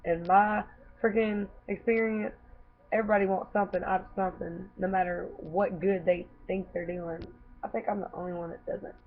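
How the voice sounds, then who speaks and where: A woman's voice: mid-range voice, fairly even intonation, normal speed, a little hiss or hum. A young woman who is sick with a cough, bluntly telling a story to camera, swearing freely. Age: young adult. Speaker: vlogger. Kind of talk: casual storytelling. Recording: tinny phone-like recording.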